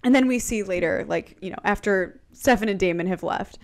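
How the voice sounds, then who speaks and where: A woman's voice: medium pitch, a little fast. A woman co-hosting a podcast, casually recapping a TV episode and retelling the scenes with quoted lines and frequent laughter. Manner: retells scenes quoting characters, laughs often.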